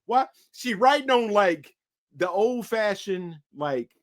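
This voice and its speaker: A man co-hosting a casual podcast about movies, with a high voice that swings widely as he talks. He tells stories with plenty of energy and acts out the other people in them. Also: takes it slowly. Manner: animated storyteller, acts out voices. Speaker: podcast co-host. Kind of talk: casual movie-discussion chat.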